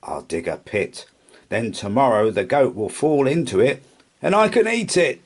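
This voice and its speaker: A man's voice: medium pitch, sing-song, moderate pace, voice pushed up. A man doing a timid, hungry troll. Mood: hopeful. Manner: small shy voice. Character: hungry, timid male troll who loves cooking.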